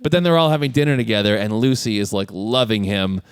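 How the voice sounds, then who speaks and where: A man's voice: on the low side, fast talker, clear, resonant tone, dry recording, studio quality. A man co-hosting a podcast, chatting casually about a film and acting out its lines in playful voices. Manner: animated, acts out movie lines in character voices. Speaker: podcast co-host. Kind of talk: casual chat recapping a film.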